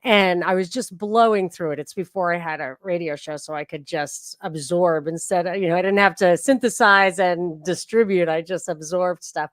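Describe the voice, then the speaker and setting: A woman's voice: fairly low pitch, moderate pace, few pauses, dry recording, studio quality. A woman hosting a podcast, chatting casually and digressively about a book, often restarting her sentences. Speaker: podcast host. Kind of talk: casual book reading and discussion.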